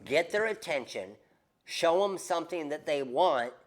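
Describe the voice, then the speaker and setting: Guy hosting a craft livestream, kinda high voice, hypes it up and keeps repeating his point. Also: measured pace. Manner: animated, emphatic, repeats key points. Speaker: host of a craft business livestream. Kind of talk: casual livestream coaching.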